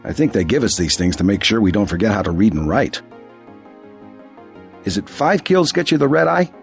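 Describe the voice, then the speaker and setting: Wry paperwork-weary agent, lowish voice that moves a lot; game character. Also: male voice, big pitch swings, normal speed, vocal fry, faint music behind. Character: bored male agent doing paperwork, wry.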